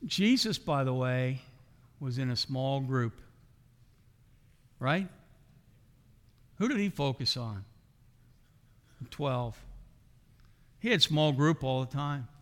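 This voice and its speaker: A man's voice: mid-range voice, expressive, takes it slowly, pauses often, a bit bright. A middle-aged man preaching a sermon as a pastor, asking the congregation rhetorical questions. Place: church sanctuary. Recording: long hall reverb.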